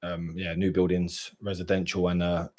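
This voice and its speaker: Easygoing guy in his thirties, low-ish voice, casual podcast guest. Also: completely flat delivery, normal speed, a little mellow. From East London. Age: 30s. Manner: easygoing, chatty, plainspoken. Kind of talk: casual chat.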